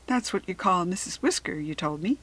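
Lady reading a calm farmer dad, gently teasing, breathy storybook voice. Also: on the low side, a little fast.

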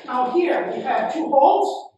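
A man giving a university lecture, slow and halting, with frequent fillers and repeated phrases. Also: very high voice, lively intonation, muffled recording, background noise. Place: lecture hall. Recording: very echoey room, mic far off.

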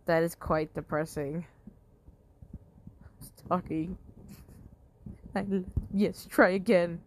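A woman's voice: on the low side, extremely slow, long pauses. A woman giving casual commentary while playing a mobile game, swearing often and yelping when things go wrong. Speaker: gamer.

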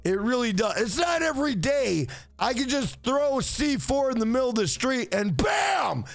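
A young man streaming from home with a very high voice that jumps all over, hyped and swearing. He shouts shout-outs and rambles through stories in loud casual chat, with dry close sound and a faint music bed. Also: very animated, normal speed, gravelly, dry recording. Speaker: livestreamer.

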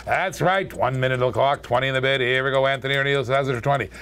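A man hosting a live-streamed toy car auction, calling bids in quick, chatty patter and joking with viewers. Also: medium pitch, steady tone, fairly bright tone, clear, resonant tone. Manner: chatty, joking, fast auction calls with laughs.

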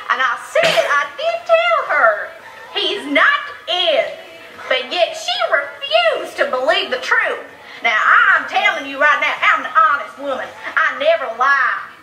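Women acting as loud, feuding American neighbor women in a comedy courtroom sketch, with put-on American accents. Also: female voice, high-pitched, very animated, slow, echoey room, faint music behind, heavily acted, rough recording. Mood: sassy. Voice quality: loud, over-the-top and sassy.

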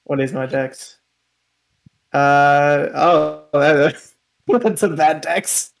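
A man's voice: a little high, very slow, gravelly, rough recording. A man playing in a tabletop game over a call, chatting casually and rambling with laughs. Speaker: player.

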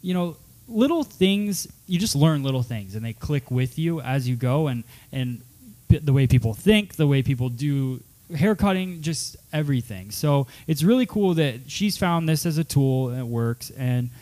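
A man's voice: medium pitch, animated, moderate pace, darkish tone. A man hosting a casual hair-salon talk show, chatting in a rambling, upbeat way with many fillers. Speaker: podcast host. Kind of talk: casual chat.

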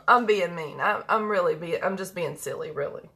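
A woman's voice: on the low side, bright, forceful tone. Woman, casual makeup livestream chat, folksy and joking, slightly congested. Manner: chatty, folksy, joking with viewers. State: congested with mucus. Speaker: beauty vlogger and medical practitioner.

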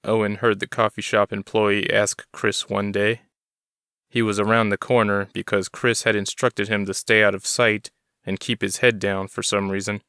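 A man reading a story aloud in an even, steady way. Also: on the low side, moderate pace, clear, resonant tone, no echo, clean studio sound. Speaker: narrator. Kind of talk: audiobook reading.

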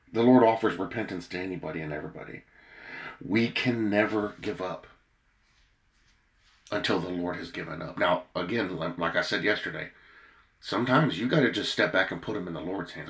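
Worn-out preacher, low voice, earnest emphatic devotional reading, loudness rising and falling. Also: male voice, creaky. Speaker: preacher leading a daily prayer. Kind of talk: devotional sermon with scripture reading.

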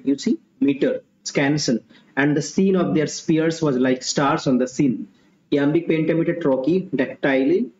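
Man tutoring, slow and repetitive. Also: medium pitch, a little mellow. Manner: unhurried, repeats himself, frequent okays and uh's. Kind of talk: live online exam-prep lesson. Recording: dull, roomy, faint hiss.

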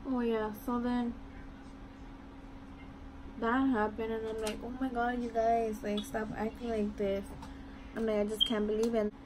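A woman's voice: on the high side, little pitch movement, a little slow, pauses often. A young woman telling a rambling story in a casual chat while doing her makeup at home, saying "like" and "I'm like" a lot. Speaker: vlogger. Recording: noisy room ambience.

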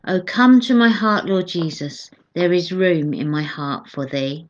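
A woman's voice: on the low side, unhurried, muffled recording. A woman co-leading midday church prayers, chatting with dry humour and reading scripture aloud.

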